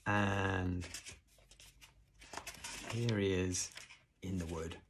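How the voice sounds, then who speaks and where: A man reading a children's book aloud, with hushed, suspenseful narration and casual asides to show pictures. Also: deep voice, fairly even intonation, extremely slow, noisy background. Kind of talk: storybook read-aloud narration.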